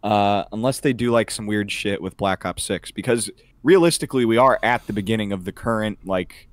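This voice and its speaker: A man's voice: fairly low pitch, fairly quick, dry recording. A young man co-hosting a podcast, talking crudely in casual chat with lots of fillers. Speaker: podcast co-host.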